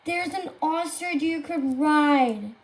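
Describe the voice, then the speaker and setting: A woman commentating live gameplay to her viewers, gushing and excitable, often squealing and exclaiming. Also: sits high, takes it slowly. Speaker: game streamer.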